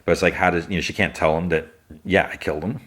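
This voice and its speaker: Deep-voiced man casually recapping an episode. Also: steady tone, fast, fairly bright tone. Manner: loose retelling full of "like" and restarts. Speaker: podcast host.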